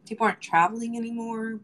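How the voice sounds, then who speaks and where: A woman's voice: fairly high pitch, fairly bright tone. A young woman hosting a casual livestream, chatting and teasing her viewers in a joking way, slipping into Spanish slang. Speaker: livestream host.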